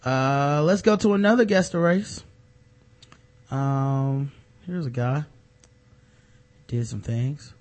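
A man co-hosting a podcast, reading news stories aloud with sarcastic, deadpan jokes. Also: mid-range voice, slow, long pauses. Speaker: podcast co-host. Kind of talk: casual comedic news commentary.

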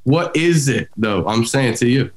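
A man's voice: mid-range voice, expressive, unhurried. A man co-hosting a casual comedic podcast, brash and profane, cutting in with slangy questions. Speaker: podcast co-host.

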